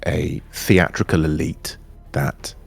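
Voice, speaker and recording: Male guest, 30s, RP English accent, low and gravelly, candid and animated. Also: slow pace, faint music behind. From England. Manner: animated, candid, trails off and restarts. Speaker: interview guest, actor. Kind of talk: casual chat.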